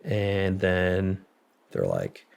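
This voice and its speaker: A man's voice: deep voice, very animated, very slow, creaky, a little mellow, smooth. A man telling a personal story as an interview guest, rambling and swearing freely. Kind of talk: casual storytelling.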